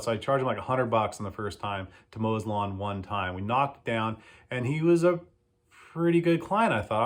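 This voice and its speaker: Middle-aged male business owner, casual and lively, acts out the dialogue in his stories, average pitch. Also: fast. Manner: animated storytelling, acts out quoted exchanges. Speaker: lawn care business owner. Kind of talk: casual advice talk.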